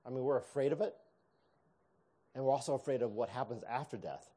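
A man's voice: medium pitch, a little fast, dark tone, breathy edge. A middle-aged man telling a personal story in a sermon, conversational with self-deprecating humor and frequent restarts.

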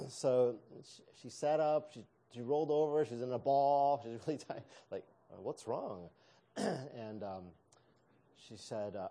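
A man's voice: medium pitch, lively intonation, normal speed, dark tone. A middle-aged man telling a personal story in a sermon, conversational with self-deprecating humor and frequent restarts.

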